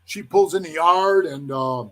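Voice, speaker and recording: A man's voice: a little high, unhurried, a bit bright. A man telling a long story from his past in a casual interview, rambling and calling the listener "bro" as he acts out what others said. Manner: rambling, says "bro" often, acts out quoted voices. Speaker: former motorcycle club member telling his story.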